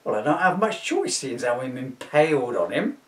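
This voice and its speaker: A man voicing a posh, exasperated husband, in a higher voice than his own. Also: very animated, a little fast, natural voice. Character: put-upon husband with a posh voice. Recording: roomy, from a distance.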